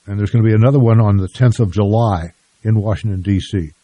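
An older man hosting a radio talk show and interviewing a guest in a measured, plain-spoken way. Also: fairly low pitch, dark tone, dry recording.

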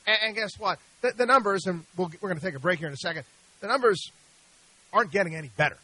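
Fast and husky yet high and bright, the voice belongs to a middle-aged radio talk show host and investment advisor arguing in his studio, animated and exasperated. His speech is full of stumbles, repeats, and restarts. Audio quality is poor, close and dry with no room sound.

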